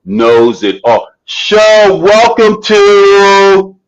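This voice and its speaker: A man hosting a morning show in an upbeat, chatty way. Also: mid-range voice. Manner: upbeat, chatty, drawn-out delivery. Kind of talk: casual live show chat. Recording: dull lo-fi stream audio.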